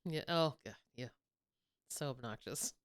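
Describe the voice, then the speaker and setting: A young woman co-hosting a podcast in casual chat, animated and laughing often. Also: very deep voice, unhurried, no room sound, studio quality. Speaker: podcast co-host.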